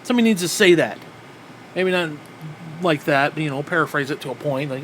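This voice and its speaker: A man's voice: a little high, a little fast, a bit bright, slight background noise. A man ranting in a wrestling review, profane and exasperated, with frequent sighs.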